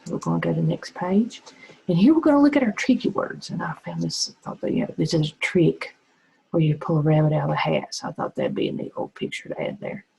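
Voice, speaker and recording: Woman teacher, kinda gravelly and low, slow patient phonics lesson for little kids. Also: darkish tone, rough recording. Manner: slow, patient explaining to young children.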